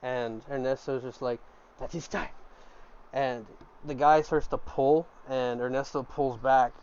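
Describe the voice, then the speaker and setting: A man's voice: medium pitch, fairly even intonation, unhurried, a little mellow, a little hiss or hum. A man narrating a tabletop game as game master, in a loose, filler-heavy storytelling way. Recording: dull lo-fi recording.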